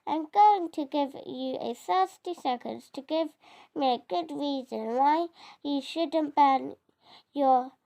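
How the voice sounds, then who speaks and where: A child reading as a gruff big dragon. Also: high voice, slow, warm tone, heavily acted. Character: huge grumpy male dragon, blustering. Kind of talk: storybook reading.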